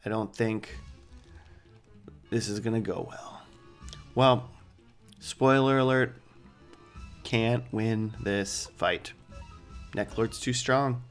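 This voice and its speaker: A man's voice: fairly low pitch, steady tone, takes it slowly, pauses often, soft background music. A man hosting a let's play, giving casual gameplay commentary with joking, rambling asides.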